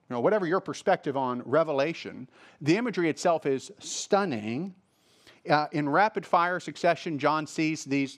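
A male pastor preaching a sermon, reading scripture aloud and explaining it, repeating phrases for emphasis. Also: a little high.

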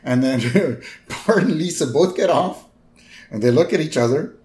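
A man's voice: fairly high pitch, moderate pace. A man co-hosting a podcast, chatting casually as he recaps a cartoon episode and acts out bits of it. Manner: animated, acts out lines and sounds from the episode. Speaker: podcast co-host.

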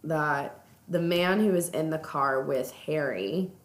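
A woman with a deep voice speaks slowly as she co-hosts a podcast, chatting casually about a book and retelling its plot at length in a book-club style. The room is echoey.

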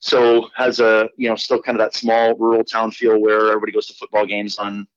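A man from Iowa, a pastor, talking casually in a podcast interview with a relaxed, rambling manner and many fillers. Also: lowish voice, brisk, no room sound. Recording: dull, lo-fi remote audio.

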